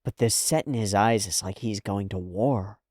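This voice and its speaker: Man, low voice, casual reaction commentary, animated, swearing, dry. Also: normal speed, no room sound. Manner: animated, swearing, swings between loud and hushed. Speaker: reaction video host.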